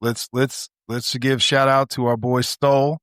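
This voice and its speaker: A man's voice: mid-range voice, level tone, fairly bright tone, clean tone, no room sound. Guy co-hosting a barbershop podcast, swears a lot, laughs easy, dry close sound. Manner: loose and profane, quick to laugh. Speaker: podcast co-host; law enforcement officer. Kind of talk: casual barbershop chat.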